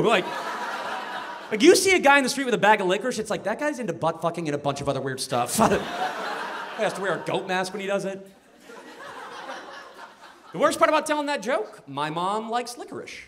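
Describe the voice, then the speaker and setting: Man, stand-up comedian, brash and crude, chuckles at own jokes, very high voice, noisy live club recording. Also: bright, forceful tone. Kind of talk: stand-up set.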